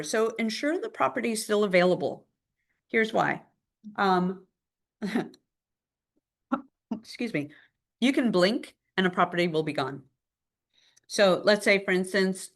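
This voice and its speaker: A woman with a fairly low voice teaches a live class in a relaxed, chatty way. She acts out quick phone calls as she goes, and she sounds lively and conversational throughout. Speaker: real estate trainer.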